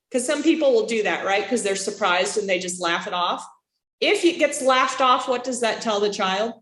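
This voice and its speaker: A woman instructor giving a casual classroom lecture, lively and chatty, acting out reactions with gasps and little voices. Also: fairly high pitch, measured pace, pauses often. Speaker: child development instructor. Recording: roomy classroom echo.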